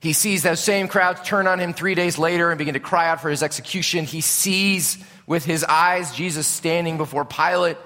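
A man preaching a sermon as a pastor, impassioned, swinging between loud and hushed. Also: a little high, steady tone, normal speed, hardly any pauses. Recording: preached in a reverberant hall.

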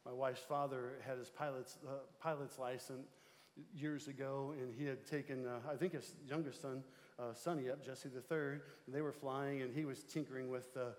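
A male pastor delivering a sermon in a church, preaching emphatically and moving between loud calls and low, quiet passages. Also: steady tone, moderate pace. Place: church sanctuary. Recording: long reverb of a large church hall.

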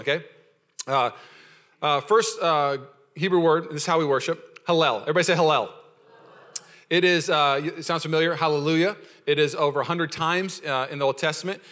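Bright-voiced, lively male pastor preaching. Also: fairly high pitch. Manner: energetic, playful preaching with audience call-outs; acts out quoted voices in storytelling. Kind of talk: sermon.

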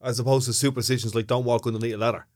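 A man's voice: medium pitch, fairly even intonation, rapid-fire, a little mellow. Man, Irish accent, podcast co-host, casual banter, teasing. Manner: joking, teasing, laughs often.

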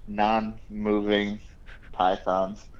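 Male guest, low voice, teasing, laid-back, dull remote audio. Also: little pitch movement, drawn-out words. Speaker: podcast guest, snake breeder. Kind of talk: casual chat.

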